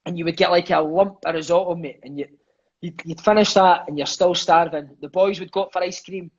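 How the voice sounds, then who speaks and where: A Scottish man and former footballer telling lively, profane stories in an interview, calling everyone "mate". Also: high voice, brisk, breathy edge, lo-fi sound. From Scotland. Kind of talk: storytelling interview chat.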